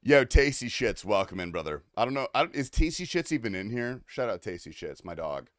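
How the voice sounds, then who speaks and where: A man's voice: medium pitch, very animated, a little fast, dry recording. A man streaming a game, joking with chat in a loose, profane, laughing ramble. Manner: joking, rambling, swears often, laughs a lot. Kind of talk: casual livestream chat.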